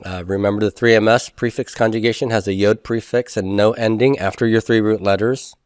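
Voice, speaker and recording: A man's voice: fairly low pitch, fairly even intonation, fairly quick, clear, resonant tone, no room sound. Guy giving a lecture, explains step by step, quizzes the class, dry close sound. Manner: explanatory, asks the class questions, folksy asides. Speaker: teacher. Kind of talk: recorded lecture.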